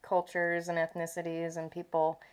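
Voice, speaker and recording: A woman's voice: lowish voice, monotone, normal speed, clear, resonant tone. A young woman co-hosting a podcast, chatting casually, laughing often and swearing as she tells stories. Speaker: podcast co-host. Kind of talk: casual chat.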